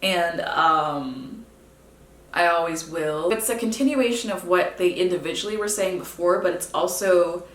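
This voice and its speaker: A young woman songwriter talking casually and candidly about her own song, sometimes musing quietly. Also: on the low side, a little hiss or hum. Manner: chatty, candid, drifts into soft musing. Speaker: singer-songwriter. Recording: roomy, mic set at a distance.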